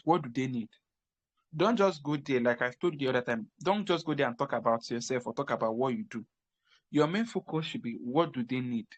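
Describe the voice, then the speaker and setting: An emphatic man from Africa coaches listeners on crypto jobs. His voice sits at a middle pitch, and he repeats key phrases as he restarts his sentences. The recording is dry and close, with no room sound. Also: no echo. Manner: repetitive, emphatic, frequent restarts. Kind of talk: casual advice talk.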